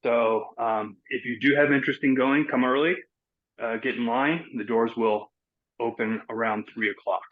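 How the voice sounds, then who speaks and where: A man speaking on a video call at an ordinary middle pitch, a bit out of breath and upbeat. He runs through his update in a loose, chatty way. The call audio sounds dull and lo-fi. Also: fairly even intonation, moderate pace. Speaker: event organizer. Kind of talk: casual meeting update.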